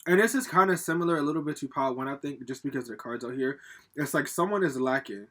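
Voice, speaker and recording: Husky-voiced man giving a loose tarot reading. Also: mid-range voice, fast, fairly bright tone. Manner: loose, profane, talks straight to viewers; rambling with frequent fillers and laughs. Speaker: tarot card reader. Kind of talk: casual pick-a-card tarot reading. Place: home, with a laptop.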